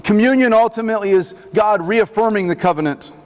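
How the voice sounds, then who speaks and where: High-voiced man preaching in a chapel. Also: fairly quick. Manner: conversational, animated teaching. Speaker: chaplain. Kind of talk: sermon. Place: army post chapel. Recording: long reverb of a chapel.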